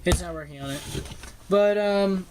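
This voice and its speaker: A young man reviewing a toy at his desk in a casual, halting way, with frequent ums and uhs, filmed on the camera's own microphone. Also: high voice, darkish tone, a little hiss or hum. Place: home desk filming a toy close up.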